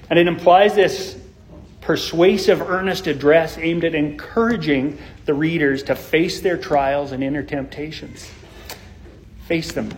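A man's voice: on the high side, darkish tone, a little hiss or hum. A man preaching an expository sermon, earnest and explanatory, often restarting his phrases. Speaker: pastor.

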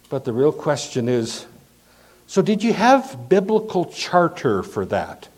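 A pastor, his voice a little high, preaches a sermon and puts rhetorical questions to the congregation. He alternates between emphatic declarations and quiet asides.

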